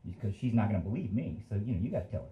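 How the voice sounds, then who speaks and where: A man voicing a gruff, hot-tempered good old boy mechanic who cusses bluntly, on a roomy live stage. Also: on the low side, big pitch swings, very fast, lo-fi sound, pitched below the performer's own voice. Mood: blunt, confiding. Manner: cussing, blunt, urgent.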